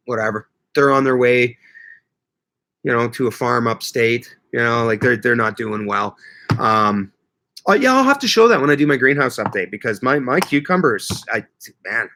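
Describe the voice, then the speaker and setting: A man chats loosely with his viewers on a livestream, his voice bright and forward. He rambles from topic to topic and jokes along the way. His pitch sits in an ordinary middle range. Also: big pitch swings, moderate pace. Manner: rambling, joking, reads viewer comments aloud. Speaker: livestream host. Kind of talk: casual live chat with viewers.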